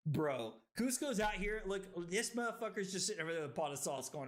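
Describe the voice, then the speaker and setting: A tipsy man streaming a card game, swearing, laughing and breaking into loud excited outbursts. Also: high voice, moderate pace. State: tipsy from drinking. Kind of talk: casual livestream commentary.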